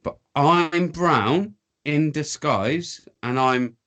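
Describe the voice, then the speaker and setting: A man's voice: on the high side, extremely slow, a bit bright. An English man telling a rambling, sweary story in casual podcast chat, breaking into voices for the people in it. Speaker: podcast guest.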